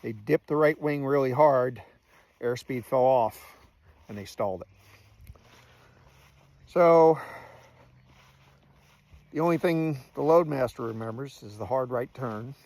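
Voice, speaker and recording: A man's voice: medium pitch, slow pace, long pauses, a little mellow, no room sound. Blunt older man swapping Navy stories. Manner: blunt, swears freely, acts out dialogue. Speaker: Navy veteran storyteller. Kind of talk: casual spoken war story.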